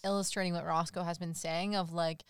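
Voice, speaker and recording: An upbeat woman co-hosting a podcast, chatting casually about a movie with her co-host. Her voice is smooth and clear, sitting a little low. The recording is close and dry. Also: little pitch movement, no echo. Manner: upbeat, quick to laugh and agree. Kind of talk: casual chat recapping a movie.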